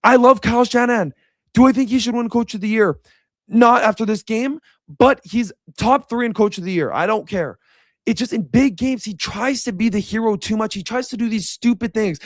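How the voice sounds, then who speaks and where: A man's voice: high voice, normal speed, no echo, studio quality. A young man giving a casual, frustrated reaction rant as a sports commentator, repeating himself as he vents.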